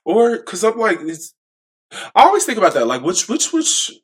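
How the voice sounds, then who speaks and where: A young man reviewing wrestling shows in a casual, animated, playful and self-mocking way. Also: moderate pace. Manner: animated, playful, self-mocking, jumps to a high excited pitch. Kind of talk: casual chat.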